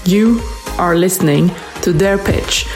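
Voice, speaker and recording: Gravelly woman narrating an intro. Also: on the low side, a little mellow, faint music behind. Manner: measured, formal. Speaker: podcast host.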